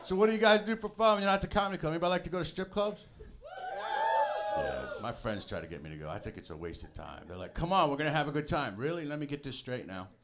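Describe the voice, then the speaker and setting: Stand-up comic working a laughing club crowd. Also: male voice, a little high, big pitch swings, fast talker, very noisy. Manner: conversational storytelling, punchy asides to the crowd. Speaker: stand-up comedian. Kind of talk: stand-up comedy set. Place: comedy club stage with live audience.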